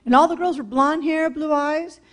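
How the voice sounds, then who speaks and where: High-pitched, blunt woman telling her story. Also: normal speed. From California. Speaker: speaker sharing her testimony. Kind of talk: public talk, personal testimony.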